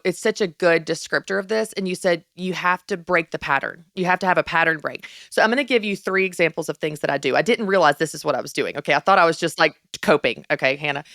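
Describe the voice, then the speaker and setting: A woman hosting a faith-based parenting podcast, chatting in an upbeat, lively way and laughing often. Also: lowish voice, dry recording, studio quality. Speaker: podcast host.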